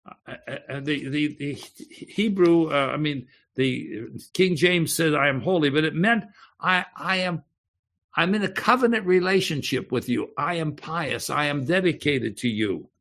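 A man delivers a sermon at an unhurried, measured pace. His voice sits a little higher than most men's. He explains each point carefully and keeps checking that his listeners are following. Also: animated, a bit bright. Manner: slow, deliberate teaching with frequent "okay?" check-ins. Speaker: pastor.

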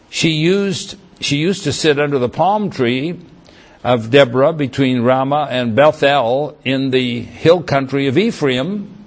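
A man preaching a sermon, reading Bible verses aloud and commenting on them in a halting way with many restarts. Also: fairly high pitch, slightly rough.

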